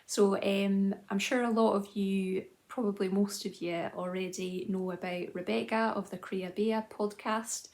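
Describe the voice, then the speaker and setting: Woman, 30s, knitting vlog host, casual and self-mocking, slight fry in the voice. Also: medium pitch, steady tone, a little slow, hardly any pauses, darkish tone. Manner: chatty and self-deprecating, with frequent "um" and restarts. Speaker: knitting video journal host. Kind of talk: casual chat to camera.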